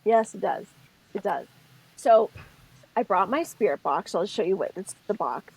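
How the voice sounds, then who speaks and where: Gravelly, husky woman podcast co-host. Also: mid-range voice, normal speed, poor audio. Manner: expressive, thinks aloud, self-interrupting. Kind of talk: casual spiritual chat.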